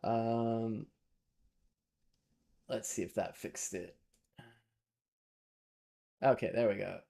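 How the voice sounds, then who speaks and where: Slow, gravelly man live-coding. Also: fairly low pitch, steady tone, dark tone. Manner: thinks aloud while coding, chats with viewers. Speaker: live-streaming developer. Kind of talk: casual live-coding stream talk.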